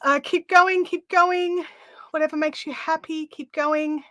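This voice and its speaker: A high-voiced Australian woman chatting casually as she hosts a live craft stream, laughing often and sounding a little puffed. Her voice is close and dry, with no room sound around it. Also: fairly even intonation, measured pace, pushed and bright, no echo. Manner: chatty, giggly, easily amused. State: out of breath. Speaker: craft livestream host.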